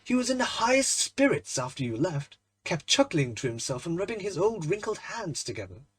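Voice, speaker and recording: Sex: male, voiced by a man. Figure: jovial, teasing painter friend in a storybook. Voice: raised, husky and lively. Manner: loud, hearty. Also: high voice, fairly quick, voice pushed up, exaggerated voice. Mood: hearty, amused.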